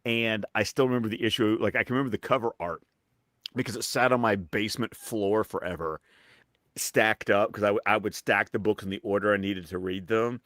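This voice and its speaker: A man's voice: lowish voice, steady tone, brisk, a bit bright, no echo, studio quality. A man co-hosting a casual livestream chat, meandering and reminiscing with fillers.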